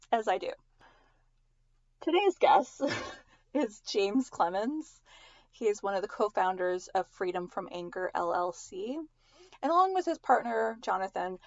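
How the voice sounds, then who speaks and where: A woman's voice: mid-range voice, no echo, dull audio. A woman hosting a podcast in a casual, rambling way, with a slight lisp. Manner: chatty, rambling with restarts and small laughs. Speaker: podcast host.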